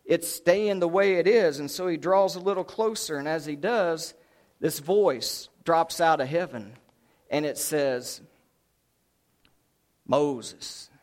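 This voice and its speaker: A man preaching a sermon, telling Bible stories in an animated way and stretching out key words for emphasis. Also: a little high, measured pace. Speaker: pastor.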